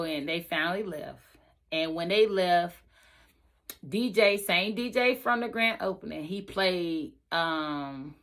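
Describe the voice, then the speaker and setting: A woman's voice: lowish voice, slow pace, fairly bright tone. A woman telling her own true story in an emphatic way, speaking straight to her listeners. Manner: emphatic, talks straight to the audience. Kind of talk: personal storytelling vlog.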